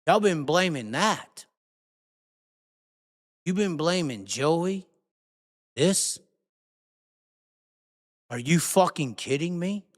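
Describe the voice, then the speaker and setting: A man hosting a live show, ranting angrily and cursing, swinging between shouts and mutters. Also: fairly high pitch, lively intonation, very slow, pauses often, long reverb tail. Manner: heated, profane, shifts from shouting to muttering. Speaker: host. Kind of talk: angry live rant.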